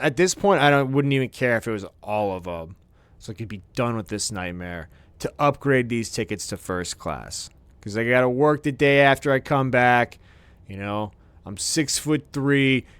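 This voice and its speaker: A man's voice: medium pitch, fairly bright tone, clear, resonant tone, no room sound. Profane, worked-up man ranting on a podcast. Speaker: podcast host. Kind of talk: comedic ranting monologue. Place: studio.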